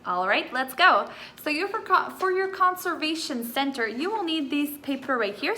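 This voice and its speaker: A woman's voice: a little high, sharp tone, slight background noise. A woman teacher, patiently explaining a math lesson for young children, with many fillers. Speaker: first grade teacher. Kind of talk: recorded classroom lesson for children. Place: home room with whiteboard. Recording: echoey room.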